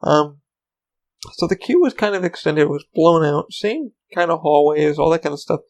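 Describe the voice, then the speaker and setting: Casual male podcast host, slightly high, gravelly voice, rambling and profane. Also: animated, normal speed, darkish tone, low-quality recording. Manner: rambling, swears freely, frequent ums. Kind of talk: casual solo podcast chat.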